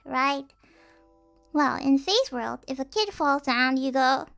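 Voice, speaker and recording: A woman's voice: high-pitched, expressive, takes it slowly, creaky, fairly bright tone. A young woman streaming casually, rambling and giggling, acting out the people she quotes. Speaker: vtuber streamer.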